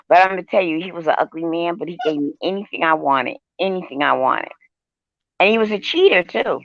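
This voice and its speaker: A woman's voice: lowish voice, expressive, fairly quick, no echo. A woman co-hosting a casual chat show, telling brash stories with laughter. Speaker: show co-host. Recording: dull lo-fi sound.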